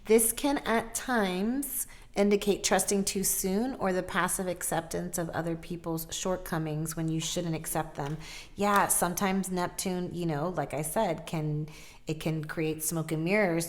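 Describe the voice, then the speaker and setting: This is a woman doing a casual tarot reading, and she talks with real passion. She gets loud when she is excited, then pulls herself back down, and she laughs and swears freely along the way. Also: fairly low pitch. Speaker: tarot reader.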